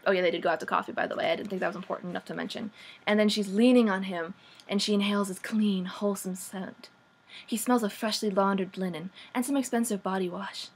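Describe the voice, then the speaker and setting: A young woman recapping a book in a casual vlog, sarcastic and animated, saying "like" a lot. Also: medium pitch, fast, breathy edge. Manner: sarcastic, says "like" often, animated. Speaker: vlogger.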